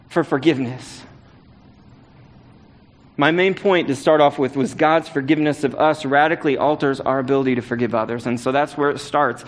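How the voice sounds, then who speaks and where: A man's voice: medium pitch, fairly even intonation, brisk. Earnest man preaching a sermon. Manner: earnest storytelling, rising to emphatic repeated exhortation. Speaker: pastor.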